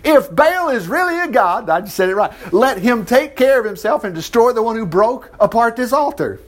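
A middle-aged man preaching, reading a Bible story aloud and breaking off with chuckling, animated commentary. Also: very high voice, normal speed. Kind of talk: Bible reading with lively asides.

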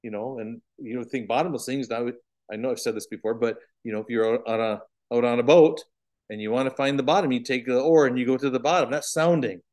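A man teaching a bible study in an animated, emphatic way, swinging between loud declarations and hushed asides. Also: medium pitch, fast.

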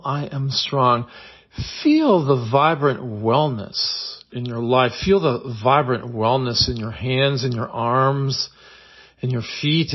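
A man hosting a daily guided visualization, leading the listener through breathing and affirmations in a slow, calm, repetitive manner. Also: mid-range voice, slightly rough, highs cut off. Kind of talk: guided meditation.

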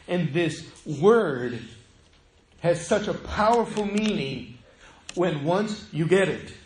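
High-voiced preaching man in an echoey room. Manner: animated preaching, swinging from loud to hushed. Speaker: pastor. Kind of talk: sermon. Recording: echoey room, faint noise.

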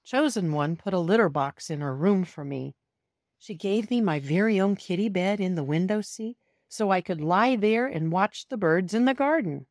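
Storybook reading for children: a woman with a mid-range voice becomes a cat narrating in first person, talking to young listeners directly. She speaks slowly and expressively, in studio-quality audio with no echo.

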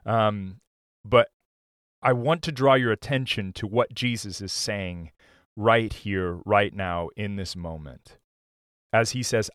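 Male pastor, earnest sermon delivery, low voice, dry close sound. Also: a bit bright, no echo. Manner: slow, earnest preaching with many restarts.

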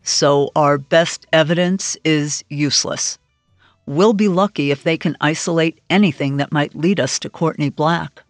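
A woman narrator voicing an earnest male investigator in an audiobook, speaking in a measured way. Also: deep voice, no echo, faint music behind. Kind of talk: audiobook character voice.

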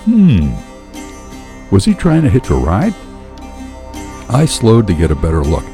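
A man's voice: low-pitched, wildly swooping pitch, moderate pace, creaky, warm tone, soft background music. A man narrating a first-person story in a dramatic, wry manner.

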